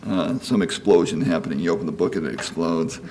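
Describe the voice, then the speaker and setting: Man, sixties, preacher, folksy conversational sermon, lower voice, faint background ambience. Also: brisk, noisy background. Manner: folksy, asks "you know?" often, acts out quoted voices.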